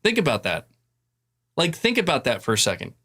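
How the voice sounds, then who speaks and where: A man's voice: on the high side, wildly swooping pitch, fairly quick, bright, forceful tone, soft background music. A man in a played clip giving opinionated gaming commentary, earnest and emphatic, lecturing his viewers.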